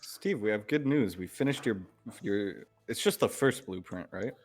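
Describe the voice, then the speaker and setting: A man's voice: lowish voice, lively intonation, moderate pace. A man playing in a tabletop role-playing game, jokey and offhand. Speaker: player. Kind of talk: casual in-character play.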